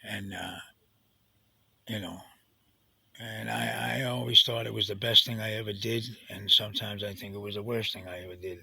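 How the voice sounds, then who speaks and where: Gravelly, sharp-edged middle-aged man. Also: on the low side, steady tone, no echo, rough recording. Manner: halting, full of restarts and trailing fillers; sinks to a hushed near-whisper at heavy moments. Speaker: storyteller recounting his own experience. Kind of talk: confessional personal storytelling.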